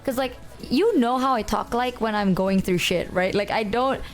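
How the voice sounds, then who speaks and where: A woman's voice: fairly high pitch, normal speed, soft background music. A woman streaming, chatting casually in a breezy, matter-of-fact way with frequent giggles. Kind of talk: casual chat.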